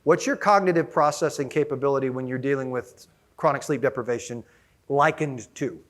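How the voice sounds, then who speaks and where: A man giving an energetic conference keynote, often asking the audience questions. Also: mid-range voice, fairly quick. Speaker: conference speaker.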